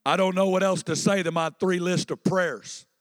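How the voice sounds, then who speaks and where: A man's voice: high voice, fairly even intonation, normal speed, dry recording, in a large hall. A pastor preaching a sermon in a conversational style, prompting his congregation to respond.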